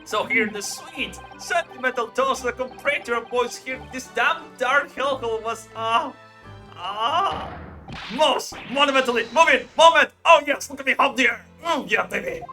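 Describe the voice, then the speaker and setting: Brief: man doing a showy vain young student, loud and lively, music underneath. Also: extremely high pitch, a little slow, exaggerated voice. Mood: dramatic. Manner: theatrical, boastful, loud bursts. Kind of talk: fan voice-over of a game on stream.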